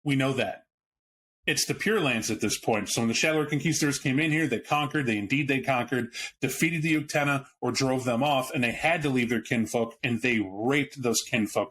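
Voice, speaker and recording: A podcast host with a mid-range, fairly bright voice talks bluntly and casually about a tabletop game book, with slight background noise behind him. He swears now and then and restarts sentences as he thinks out loud.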